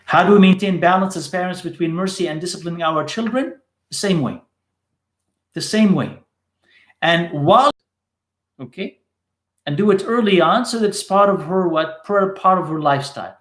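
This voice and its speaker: A man's voice: high voice, normal speed, pauses often, a bit bright, echoey room. A man teaching in a live question-and-answer session, repeating short phrases for emphasis.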